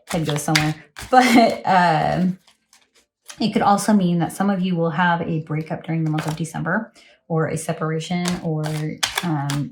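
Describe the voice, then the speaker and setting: A low, slightly mellow voice comes through with a bit of hiss or hum. The speaker, a woman in her thirties, is reading tarot at home late at night for her phone camera, rambling chattily and often apologizing and laughing.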